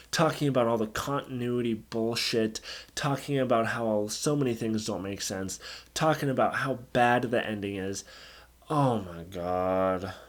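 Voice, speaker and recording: A male movie reviewer delivers an angry, exasperated rant, swearing freely. His voice sits at an ordinary mid pitch. He sounds fed up throughout. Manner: angry, profane, exasperated ranting. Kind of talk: ranting film review.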